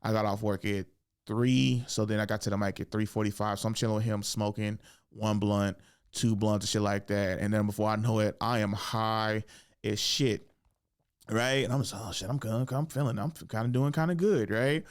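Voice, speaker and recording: A young man hosting a podcast, telling a casual comedy story, swearing freely and jumping into high voices when he acts out what people said. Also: normal speed, clean tone. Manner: animated, swears often, acts out quotes with big pitch jumps. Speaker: podcast host and stand-up comedian.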